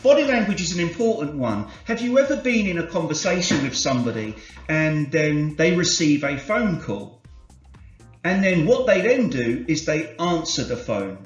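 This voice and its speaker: A man from the UK leading a corporate sales training session, explaining concepts in a measured way and varying his inflection to demonstrate. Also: on the high side, sing-song. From United Kingdom. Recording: roomy, slightly dull, soft music behind.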